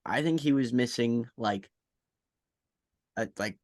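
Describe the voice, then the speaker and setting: Man, podcast co-host, mid pitch, dry close sound, casual teasing quips. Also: takes it slowly, no echo. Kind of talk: casual chat.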